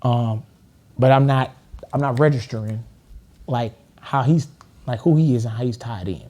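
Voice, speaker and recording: A man's voice: medium pitch, moderate pace, dark tone. A middle-aged man from Los Angeles, a podcast guest telling stories casually and animatedly, laughing often and acting out other people in a raised voice. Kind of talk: casual storytelling. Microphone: studio podcast mic.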